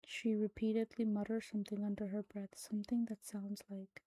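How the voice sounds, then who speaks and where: A woman reads a horror story aloud in a hushed, soft-spoken voice that slips into whispers. Her delivery is flat and even, with a dark, mellow tone. The recording is dry and close. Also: medium pitch, normal speed, no room sound, low-quality recording. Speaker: narrator. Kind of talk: scripted horror story reading.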